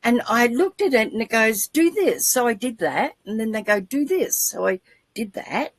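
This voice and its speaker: A woman in her seventies telling a personal story in a lively, animated way, acting out quoted voices. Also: normal speed. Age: 70s. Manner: animated storyteller, acts out voices with big pitch jumps. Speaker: guest, podcaster. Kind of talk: casual storytelling on a video call show.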